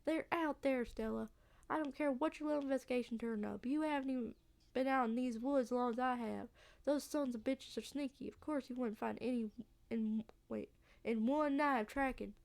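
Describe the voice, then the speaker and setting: Woman putting on a gruff old Southern man. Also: high-pitched, moderate pace, a little mellow. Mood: stubborn. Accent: put-on Southern. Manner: grumbling, scolding drawl. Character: gruff old male backwoods landowner.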